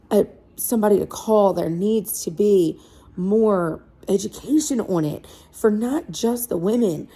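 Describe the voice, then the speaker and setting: Young mom vlogger, woman, dark husky voice, emotional and pleading, repeats for emphasis. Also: mid-range voice. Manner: earnest, pleading, repeats herself. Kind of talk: heartfelt direct-to-camera vlog.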